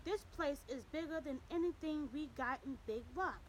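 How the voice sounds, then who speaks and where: A woman's voice: sits high, moderate pace, a little hiss or hum, close to an everyday voice, rough recording. A woman voicing an eager, wide-eyed young cowboy.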